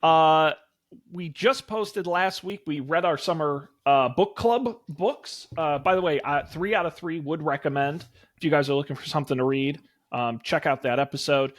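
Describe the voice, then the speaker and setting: A man's voice: on the high side, moderate pace. A man hosting a casual podcast over a video call, rambling through plugs with plenty of fillers. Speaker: podcast host. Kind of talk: casual chat.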